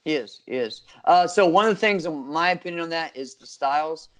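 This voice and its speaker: A man's voice: on the high side, lively intonation, a little fast. Easygoing, nostalgic male co-host. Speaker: podcast co-host. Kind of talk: casual chat.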